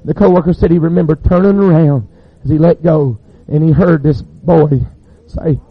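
A man, preaching a sermon as a fervent storyteller with dramatic pauses. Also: on the high side, steady tone, breathy edge, dry recording, narrow, tinny audio.

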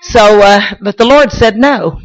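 A woman preacher, shouting and crying out in a sermon, then telling folksy stories with many restarts. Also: medium pitch, measured pace, dull audio. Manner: folksy storytelling with repeats and restarts. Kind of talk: sermon with personal testimony.

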